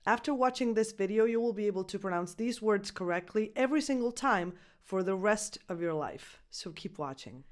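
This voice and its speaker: A woman with a mid-range voice, a native Italian speaker, teaching pronunciation in a video lesson. She speaks in a clear, deliberate way. She slows down to model each sound and to spell out letters. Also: mid-range voice, lively intonation. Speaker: English pronunciation coach.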